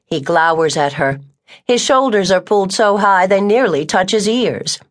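A woman reading a novel aloud as an audiobook narrator, in an even, measured storytelling voice. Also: mid-range voice. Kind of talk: scripted narration.

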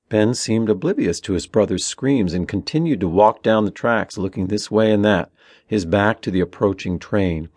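A man reading a young adult novel aloud in steady, measured narration. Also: on the low side, slightly rough, dry recording. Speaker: audiobook narrator. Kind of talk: scripted narration.

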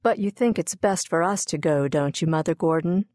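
A woman's voice: lowish voice, moderate pace, darkish tone, no echo, studio quality, natural voice. A woman voicing an anxious, earnest young mother in a storybook reading. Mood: worried. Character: worried young mother, gentle then sharp.

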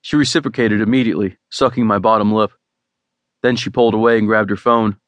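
Male audiobook narrator, first-person romance, low voice, relaxed wry delivery, dry sound. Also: quick pace, dry recording.

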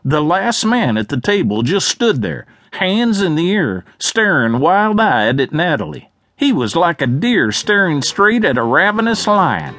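A man narrating a western audiobook with lively, expressive storytelling. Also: on the high side, a little slow, dry recording.

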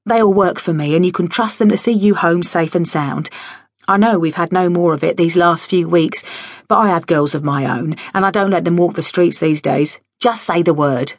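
A woman's voice: on the low side, moderate pace, no room sound. A woman voicing a big, chatty, kindly older Victorian man in an audiobook, hearty and full of gossip. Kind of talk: audiobook character voice. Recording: dry studio audio.

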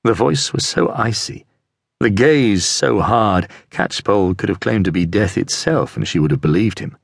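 A male audiobook narrator, telling a historical mystery in a measured, expressive way. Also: on the low side, gravelly, slightly rough, dry recording. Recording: dry close studio mic.

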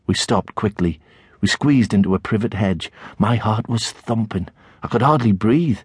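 A middle-aged man with a Tyneside accent narrating a children's novel in the first person, expressive storytelling. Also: on the low side, moderate pace, slightly rough, dry recording. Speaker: audiobook narrator.

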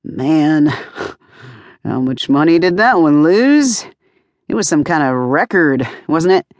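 A woman's voice: sits low, lively intonation, takes it slowly, a little mellow, no echo. A woman voicing a brash, fifty-ish male film producer who speaks curtly and half-distracted. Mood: smug. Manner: curt, offhand, phone-distracted.

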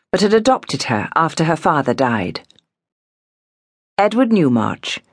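A woman narrating an audiobook in a measured, expressive storytelling manner. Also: sits low, dry recording, clean studio sound. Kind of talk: scripted narration.

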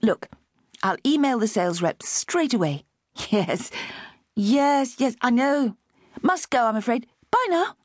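A woman's voice: on the high side, expressive, a little slow, dry recording, clean studio sound, voice pushed up. A woman narrator voicing a harried young working mother who sounds flustered and apologetic, with her voice raised above her narrating tone. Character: harried young mother juggling publishing job.

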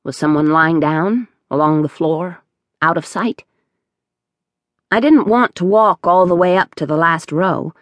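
Woman, audiobook narrator, first-person storytelling, unhurried, measured, lower voice. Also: no room sound.

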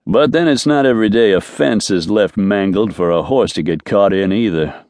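A man playing a weary, gruff rodeo cowboy who answers in clipped, terse lines. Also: on the low side, normal speed, a little mellow, no echo, studio quality, natural voice.

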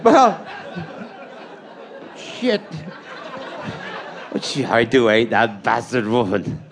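A man's voice: medium pitch, huge pitch swings, very slow, a faint crowd, slight background noise. A man with a Cornish accent telling bawdy, rambling stand-up stories and chuckling at his own jokes. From Cornwall. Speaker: stand-up comedian. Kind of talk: live stand-up storytelling.

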